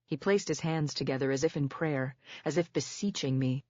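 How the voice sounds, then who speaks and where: A woman narrating a first-person psychological thriller audiobook in a measured, steady way. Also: sits low, no room sound. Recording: dull, dry lo-fi recording.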